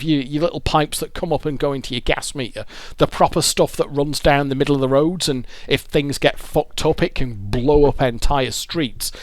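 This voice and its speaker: Sweary, halting man outdoors. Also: a little high, no room sound. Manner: raw, emotional, sweary, halting with repeated words. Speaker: vlogger telling his own story. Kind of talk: confessional storytelling to camera. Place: outdoors by a road.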